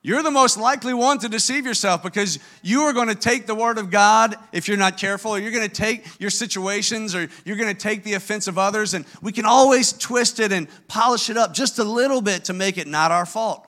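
A man's voice: high voice, a little fast, hardly any pauses, bright, forceful tone. A man preaching a sermon as pastor, emphatic and earnest, often restarting his words.

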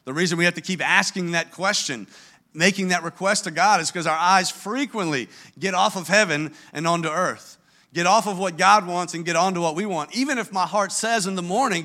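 A man's voice: sits high, brisk, sharp tone. A man preaching a sermon as pastor, emphatic and earnest, often restarting his words.

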